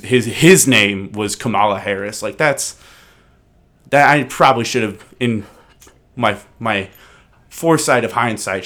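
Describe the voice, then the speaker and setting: A man's voice: on the low side, a bit bright. A man in his twenties hosting a casual chat, loose and joking, swearing freely. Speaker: podcast host.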